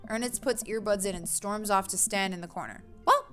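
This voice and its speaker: A woman's voice: medium pitch, a little fast, few pauses, sharp tone, soft background music. A woman streaming a game, playfully reading the narration and chatting. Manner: playful, reads narration aloud. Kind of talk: game let's play narration.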